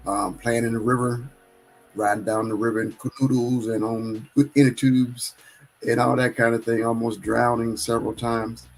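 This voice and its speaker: A man's voice: mid-range voice, little pitch movement, normal speed, low-quality recording. A man hosting his own live stream, chatting casually and rambling, often correcting himself. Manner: rambling and self-correcting, churchy.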